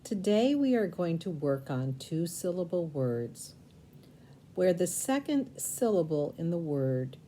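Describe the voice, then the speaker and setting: Woman, spelling teacher, low voice, unhurried, sounds out syllables one by one. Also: dark tone, slight background noise. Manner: slow, deliberate, sounds out syllables and spells letter by letter. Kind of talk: recorded spelling lesson.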